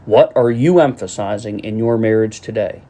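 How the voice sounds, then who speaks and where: A man's voice: on the low side, normal speed, dark tone. A middle-aged man preaching a sermon as a pastor, earnest, speaking straight to his listeners and repeating his refrains.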